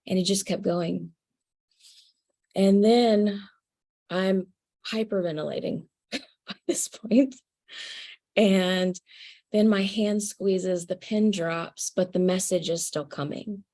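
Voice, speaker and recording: A woman telling a personal spiritual story to an audience, earnest and halting, with fillers and soft laughs. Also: mid-range voice.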